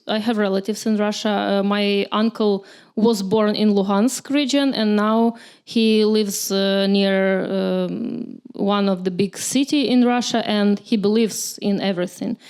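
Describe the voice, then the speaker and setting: Hesitant woman asking a question, smooth voice. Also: mid-range voice, darkish tone. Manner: hesitant, searching for words. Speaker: audience member asking a question. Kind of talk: audience question.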